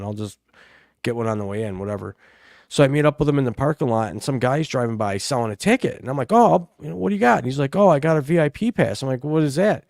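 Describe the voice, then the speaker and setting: A middle-aged man tells loud, profane stories in casual talk, playing every part in his tales himself. His voice is gravelly, and the recording sounds close and dry. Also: mid-range voice, no echo. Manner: rowdy storyteller, swears freely, acts out quotes. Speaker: podcast co-host. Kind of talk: casual chat.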